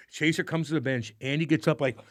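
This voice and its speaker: A man co-hosting a podcast, telling stories in casual chat, swearing a lot and acting out what people said with loud bursts. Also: fairly high pitch, brisk, no room sound, studio quality. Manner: animated storyteller, acts out quotes loudly, swears often. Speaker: podcast co-host.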